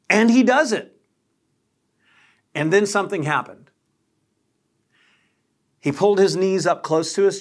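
A male pastor telling a personal story in a sermon, animated and dramatic, acting out the quoted lines. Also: on the high side.

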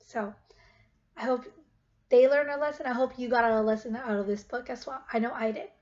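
Woman, children's read-aloud, gently questioning, high voice, muffled recording. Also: steady tone, brisk. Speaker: teacher reading aloud.

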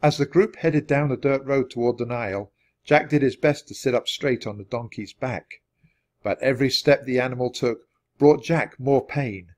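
A man reading a children's chapter book aloud at a steady, natural pace. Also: medium pitch, normal speed. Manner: steady, clear read-aloud pacing. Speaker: storybook reader. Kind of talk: children's storybook narration.

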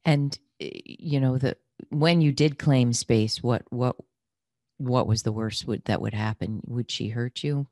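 A woman hosting an interview podcast, a therapist by training, who asks gentle, searching questions and reacts with soft sympathy. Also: rumbling low, unhurried, dry recording, studio quality. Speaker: podcast host and marriage and family therapist. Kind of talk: interview conversation.

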